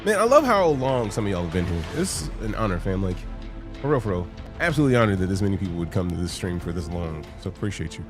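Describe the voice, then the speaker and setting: A man streaming games live, chatting casually with his viewers, greeting them by name, excitable and swearing freely. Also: sits low, quick pace, over music. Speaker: game streamer.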